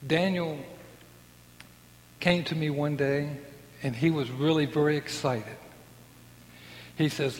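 A man's voice: a little high, steady tone, slow, long pauses, a little hiss or hum. A man in his sixties giving an earnest personal faith testimony, acting out the voices of people in his story. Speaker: testimony speaker. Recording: long hall reverb.

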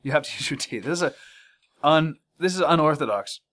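A man co-hosting a casual beer-tasting podcast, joking and breaking into loud sudden outbursts. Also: on the high side, lively intonation, a little fast. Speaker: podcast co-host. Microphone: studio microphone.

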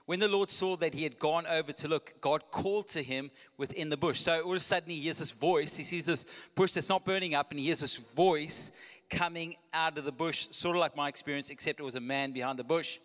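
Chatty preacher in reverberant hall. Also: male voice, fairly high pitch, a little fast, a bit bright. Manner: conversational, with joking asides and restarts. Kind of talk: live sermon. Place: church auditorium. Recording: long hall reverb, live.

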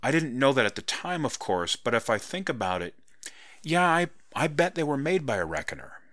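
A man's voice: medium pitch, very animated, normal speed, a bit bright, no room sound, pitched above the performer's own voice. A man voicing a wary, questioning young woman in a hesitant, searching manner.

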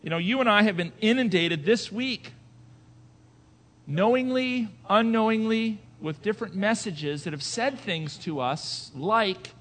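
A male pastor preaching a sermon, moving between quiet conversational asides and loud emphatic declarations, with rhetorical questions to the congregation. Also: sits high, measured pace, big-room sound.

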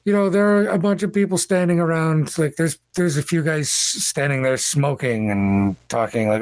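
A man's voice: on the high side, moderate pace, few pauses, no room sound. A man narrating a tabletop game as game master, in a casual, descriptive way.

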